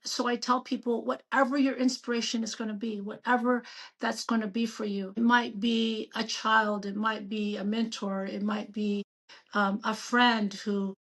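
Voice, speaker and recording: Bright-voiced woman in her fifties. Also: on the high side, normal speed. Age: 50s. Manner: animated, emphatic, storytelling. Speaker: doctor and guest. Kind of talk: casual interview chat.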